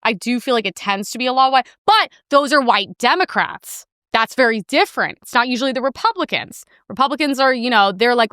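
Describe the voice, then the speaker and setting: A young woman hosting a podcast, ranting in casual profane commentary and mimicking people in sharp outbursts. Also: a little high, fast, clean tone, no echo, clean studio sound. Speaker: podcast host.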